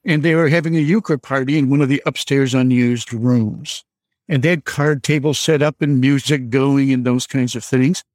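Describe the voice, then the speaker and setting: An older man in his seventies tells a ghost story from his youth as a caller on a show. He speaks slowly and deliberately, pausing often. His voice sits in the middle range and is recorded dry and close. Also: mid-range voice, fairly even intonation, a little mellow, dry recording. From Michigan. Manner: slow, deliberate storytelling with frequent "uh" pauses. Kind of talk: storytelling on a radio call.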